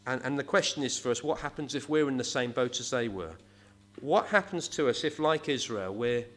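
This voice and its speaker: A man delivers an earnest sermon. His pitch rises and falls a great deal as he leans on his rhetorical questions. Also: a bit bright. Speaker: preacher.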